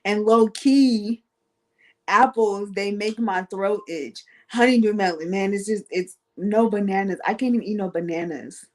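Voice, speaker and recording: A woman telling casual, self-mocking stories in a playful, animated way, with speech patterns. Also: medium pitch, a little slow. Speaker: guest on an online talk show. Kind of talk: casual storytelling monologue.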